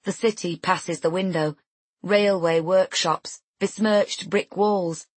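Audiobook narrator, woman, lowish husky voice, dry close sound. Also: no room sound. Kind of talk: scripted first-person narration.

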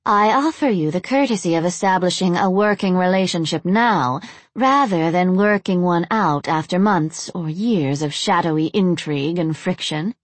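A blunt undead woman, played by a woman reading a story, mocks everyone around her with dry disdain. The voice sits low and is recorded close in a dead room. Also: normal speed, no echo, natural voice. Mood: sardonic. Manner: mocking, blunt.

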